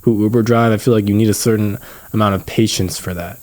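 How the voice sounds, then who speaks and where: A young man co-hosting a podcast, telling an animated story in casual chat, peppered with swearing and fillers. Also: fairly low pitch, quick pace, no echo. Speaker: podcast co-host.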